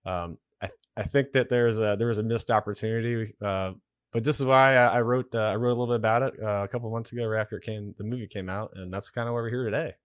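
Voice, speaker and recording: Low-voiced man explaining plainly. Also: steady tone, quick pace, smooth, no echo, clean studio sound. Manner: wry, blunt, explanatory. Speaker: podcast guest, retired military aviator. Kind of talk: casual podcast conversation.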